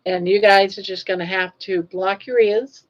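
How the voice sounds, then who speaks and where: An older woman hosts a casual live stream at a moderate pace and a steady tone, chatting, teasing, and laughing a lot. She describes her own singing voice as froggy and low-pitched. The stream audio is dull and lo-fi.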